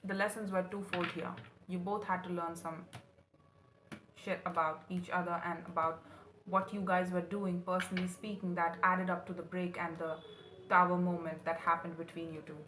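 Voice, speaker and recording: A woman's voice: on the low side, level tone, moderate pace, a bit bright. A woman doing a tarot reading for her viewers, earnest and emotional, calling the listener honey. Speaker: tarot reader. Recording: roomy echo, faint room noise.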